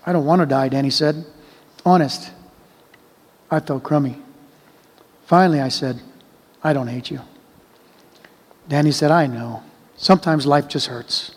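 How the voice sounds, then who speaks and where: A man with a notably high voice reads a child's story aloud, slow and gentle. Each sentence is measured and unhurried. A long hall reverb trails behind his words. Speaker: reader.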